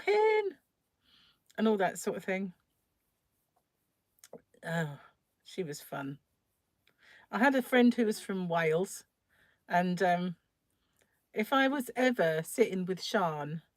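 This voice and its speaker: A woman's voice: on the low side, no room sound, studio quality. Chatty woman live-streaming crochet. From England, North London. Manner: chatty, laughs often, greets viewers by name. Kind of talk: casual live-stream chat.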